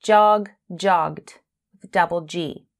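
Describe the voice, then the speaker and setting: Slow, careful female English teacher. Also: lowish voice. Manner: slow, careful, spells out letters and stresses words. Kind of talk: beginner grammar lesson.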